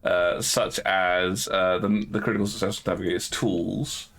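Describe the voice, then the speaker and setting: A man's voice: sits low, steady tone, normal speed, fairly bright tone. A man running a tabletop game as game master, narrating the scene and wryly teasing the players about their dice. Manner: wry, teasing about bad dice rolls.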